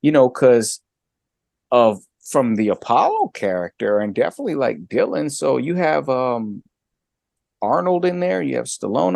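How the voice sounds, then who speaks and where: Gravelly middle-aged man, animated chat. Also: normal speed, no room sound, studio quality. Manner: animated, jumps high in pitch when making a point. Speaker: guest co-host. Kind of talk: casual chat.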